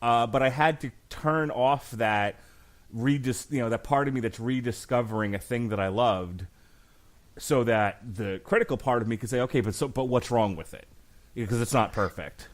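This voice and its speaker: A man in his forties hosting a podcast and arguing a case about a film with emphatic, animated delivery and frequent laughter. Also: medium pitch, normal speed. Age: 40s. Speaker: podcast host. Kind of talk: mock-trial film debate podcast.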